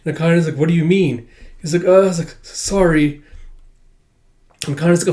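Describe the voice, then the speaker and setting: A man with a voice a little higher than most recaps a comic chapter in a loose, chatty way, full of fillers. He reads the characters' lines aloud, jumping up in pitch and volume for them. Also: steady tone, normal speed, pauses often. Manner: acts out characters' lines with jumps in pitch and loudness, laughs often; casual and chatty, many fillers. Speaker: manga reader and commentator. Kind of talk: casual recap, reading dialogue aloud.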